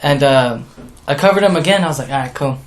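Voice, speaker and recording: A young man co-hosting a podcast, slowly telling a scary story in casual, swearing talk. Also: medium pitch. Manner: rambling, slow, swearing storyteller. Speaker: podcast co-host. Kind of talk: casual chat.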